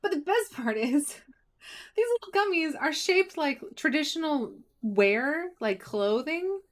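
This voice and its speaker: A woman's voice: high voice, lively intonation, a little slow. A woman streaming a game, chatting casually and asking herself rhetorical questions. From United States. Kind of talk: casual livestream chat while gaming.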